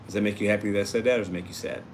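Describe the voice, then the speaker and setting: A man's voice: on the low side, fairly even intonation, rapid-fire, a little hiss or hum. A man hosting a casual livestream, reading out and answering viewer comments in an upbeat, chatty way. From Puerto Rico. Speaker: livestream host reading chat.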